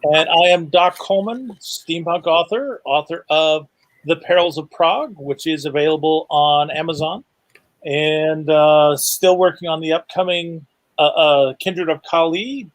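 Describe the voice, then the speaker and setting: A man guesting on a casual livestream, halting and repeating words, with dry humor. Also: fairly high pitch, no echo. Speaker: guest author. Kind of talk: casual chat.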